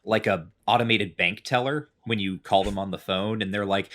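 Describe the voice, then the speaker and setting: A man's voice: lowish voice, normal speed, hardly any pauses, fairly bright tone. A man in casual podcast chat, rambling through a game recap with lots of fillers. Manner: rambling, many fillers, chatty explaining. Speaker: podcast co-host.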